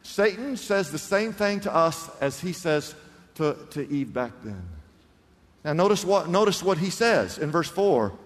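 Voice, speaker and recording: A man preaching a sermon, swinging between loud, emphatic lines and hushed ones and acting out the voices in the story. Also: a little high, animated, a little slow. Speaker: pastor. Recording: hall reverb.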